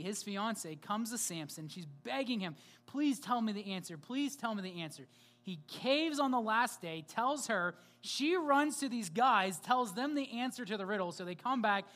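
A woman's voice: mid-range voice, fairly bright tone. Woman preacher, casual storytelling sermon, lots of rhetorical asides.

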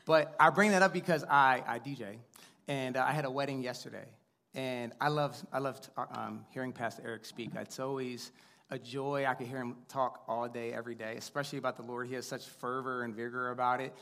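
A man's voice: medium pitch, steady tone, fairly quick, a bit bright. A man in his thirties giving a sermon on a church stage, chatty and upbeat, telling stories with plenty of fillers and asides to the crowd. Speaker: guest preacher. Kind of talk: sermon with casual storytelling. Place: church sanctuary before a congregation.

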